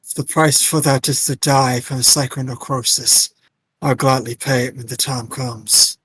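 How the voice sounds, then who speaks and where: A man voicing a calm, resigned male arena fighter from a game, attempting an Irish accent as he reads the lines on a livestream. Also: mid-range voice, a little slow, husky, poor audio. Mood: solemn. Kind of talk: voice-acting game dialogue on a livestream.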